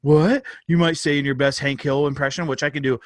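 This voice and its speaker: A man's voice: mid-range voice, fairly even intonation, fast talker, dry recording. Guy cohosting a sports podcast, rambly and jokey, swears a lot, dry close sound. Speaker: podcast co-host. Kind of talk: casual sports podcast chat. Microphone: phone held up, on video.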